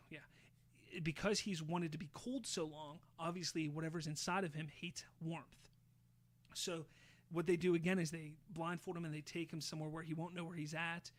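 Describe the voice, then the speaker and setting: A man hosting a podcast, casually retelling a show's plot with lively, swear-laden storytelling. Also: a little high. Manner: animated storyteller, swears freely, acts out quotes. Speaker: podcast host.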